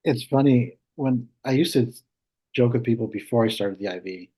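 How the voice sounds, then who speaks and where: A man's voice: mid-range voice, normal speed, breathy edge. A man in his fifties, an emergency nurse and podcast guest, telling stories in a casual interview and acting out the dialogue. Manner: animated storyteller acting out dialogue. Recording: slightly muffled lo-fi recording.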